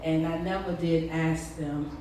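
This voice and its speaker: A woman preacher delivering a sermon with call-and-response, moving between quiet talk and shouting. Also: low voice, steady tone, unhurried, background noise. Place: church hall. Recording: echoey hall, distant mic, crowd responding.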